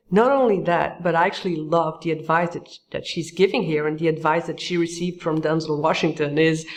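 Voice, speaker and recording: A woman coaching public speaking, commenting on clips and acting out example lines with big jumps in her voice. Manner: lively, acts out example phrases with big pitch jumps. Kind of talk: tutorial commentary on video clips.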